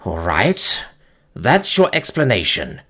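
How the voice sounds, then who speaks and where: A man's voice: medium pitch, sing-song, moderate pace, fairly bright tone, pitched above the performer's own voice. A man voicing a blunt, firm uncle who speaks curtly. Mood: steady. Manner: curt, firm.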